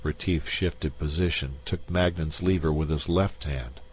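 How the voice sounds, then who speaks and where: A man reading a science fiction short story aloud in a measured narration. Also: a bass voice, steady tone, breathy edge. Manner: slow, measured.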